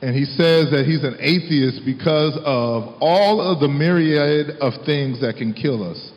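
A man preaching a sermon in a relaxed, conversational way, laughing often and reading scripture aloud. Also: on the high side. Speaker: pastor. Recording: long hall reverb, dull lo-fi sound.

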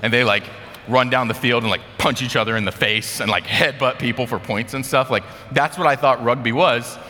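A man's voice: mid-range voice, fairly even intonation, brisk, pushed and bright, in a large hall. An American man giving a casual sermon, telling a story in a chatty way with lots of fillers. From United States. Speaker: speaker.

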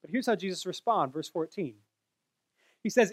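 High-voiced man teaching Scripture. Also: animated, normal speed, pauses often, no echo. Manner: earnest, explanatory, with frequent self-corrections. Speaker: Bible teacher. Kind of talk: explaining a Bible passage.

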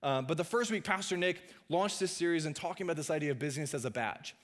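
A pastor with a fairly high voice preaches a conversational, chatty sermon. He often lingers on filler sounds and tosses quick asides to the congregation.

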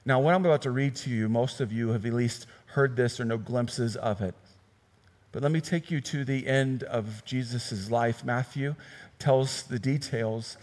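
A man preaching a sermon in a conversational way, reading scripture aloud and swinging from loud bursts to hushed, low passages. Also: normal speed, long reverb tail. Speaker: pastor.

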